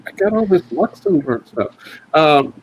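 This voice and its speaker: A man doing a casual stand-up set at a comedy round table, with many fillers and sudden high put-on voices for his bits. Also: animated, measured pace, slight background noise, rough recording.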